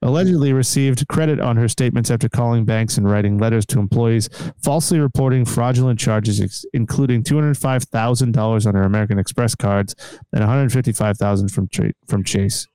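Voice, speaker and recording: A man's voice: mid-range voice, brisk, warm tone, smooth, no echo. A man hosting a podcast, reading news stories in a crude, joking casual chat. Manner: crude, joking, laughs often. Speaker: podcast host.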